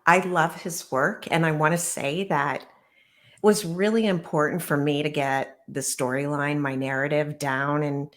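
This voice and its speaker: A middle-aged woman, a guest author, recounting painful memories in an earnest, measured way during an interview. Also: deep voice, fairly even intonation. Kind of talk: personal storytelling interview.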